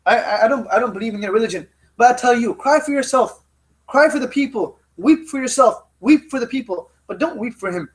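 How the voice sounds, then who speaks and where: A man's voice: extremely high pitch, animated, fairly quick, husky, full character voice. A man voicing a grave older Roman king who speaks earnestly and insistently, as part of a told story. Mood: solemn.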